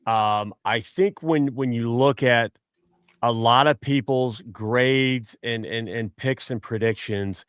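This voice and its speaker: Man, podcast guest, animated storyteller, frequent restarts, dry close sound. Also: mid-range voice, slow, smooth, no echo. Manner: animated storyteller, many restarts, acts out quotes. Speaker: guest superfan. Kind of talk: casual sports chat.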